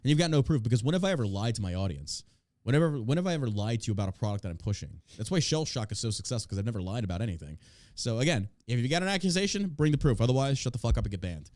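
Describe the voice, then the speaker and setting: A man's voice: mid-range voice, animated, rapid-fire, darkish tone, no echo, studio quality. A man hosting a podcast, ranting in a profane, sarcastic, casual way about politics. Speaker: podcast host.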